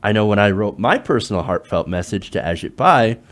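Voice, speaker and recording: A man's voice: fairly low pitch, animated, brisk, fairly bright tone. A man hosting political commentary, arguing with rhetorical questions and sarcastic asides. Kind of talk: direct-to-camera political commentary.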